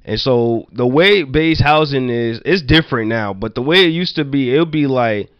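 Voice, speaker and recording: A man from Virginia telling childhood stories in casual chat, loose and profane, full of "like" and quick laughs. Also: fairly high pitch, smooth, no echo, muffled recording. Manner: loose, profane, laughing anecdotes with many "like" fillers. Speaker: storyteller.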